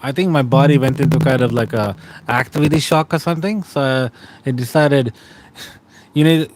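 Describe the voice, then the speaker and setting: Tired man chatting from bed. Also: medium pitch. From Australia. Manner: relaxed, rambling, greets chat by name. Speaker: streamer. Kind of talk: casual chat with viewers. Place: bedroom, lying in bed.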